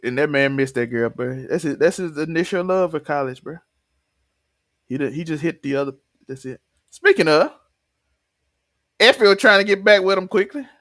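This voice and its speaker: A man hosting a TV review podcast, recapping an episode in excited casual chat, laughing often and acting out characters' lines. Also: high voice, dry recording, clean studio sound.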